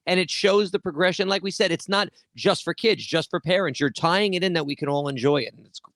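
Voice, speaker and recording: A man's voice: sits high, fairly quick, a bit bright, dry recording. Laid-back male co-host with a dry sound. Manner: laid-back, joking and repetitive. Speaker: show pianist and co-host. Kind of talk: casual interview chat.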